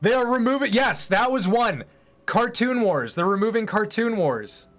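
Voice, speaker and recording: A man's voice: high-pitched, animated, normal speed, fairly bright tone. Rambling, opinionated male streamer. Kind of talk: casual chat while streaming.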